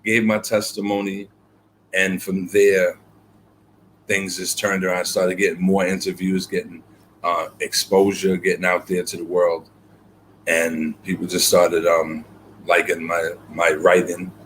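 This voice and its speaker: A man with a very low voice speaks as a guest poet in an interview. He tells his story earnestly, pausing on fillers and repeating phrases. A faint hiss of noise sits under his voice. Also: level tone, fairly bright tone. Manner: reflective, earnest, many fillers and repeated words.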